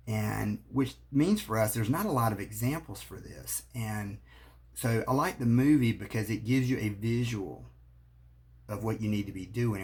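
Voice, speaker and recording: A man, a marriage therapist giving earnest advice straight to the camera. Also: on the low side. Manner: earnest, coaching, speaks straight to the viewer. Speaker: marriage therapist and relationship coach. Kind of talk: direct-to-camera advice talk.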